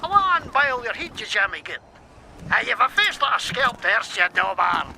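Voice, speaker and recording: An actor playing a jittery, defensive man faking a Scottish accent, with a gravelly voice. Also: sing-song, normal speed, pushed and bright, slight background noise, exaggerated voice. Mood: cursing. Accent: put-on Scottish. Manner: jittery, defensive, swings pitch wildly. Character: shifty man faking Scottish roots, panicky.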